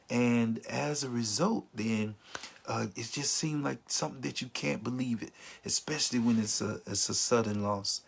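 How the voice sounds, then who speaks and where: A man's voice: medium pitch, normal speed, creaky, breathy edge. A man teaching about grief in an informal, earnest way, sometimes acting out the words of people in mourning. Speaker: grief counselor.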